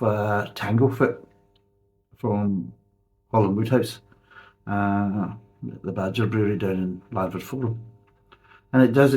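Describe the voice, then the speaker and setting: Blunt, sarcastic man. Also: fairly low pitch. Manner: blunt, sarcastic, swears freely. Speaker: beer reviewer. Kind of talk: casual spoken review.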